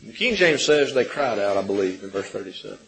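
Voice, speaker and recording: A man preaching a sermon, swinging from loud pleading questions to hushed, gentle passages, calling listeners friends and repeating words as he builds. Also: lowish voice, big pitch swings, quick pace, gravelly, husky, poor audio. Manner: impassioned, rising and falling between loud pleading and hushed softness.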